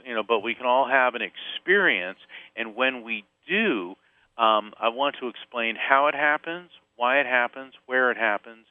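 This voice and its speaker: A man from Central Florida telling a personal story as a podcast guest, lively and acting out the voices in it. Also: medium pitch, dry recording. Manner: animated storyteller, acts out quoted voices. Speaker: psychic medium and author, podcast guest. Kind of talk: storytelling interview. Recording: phone-line sound, dry.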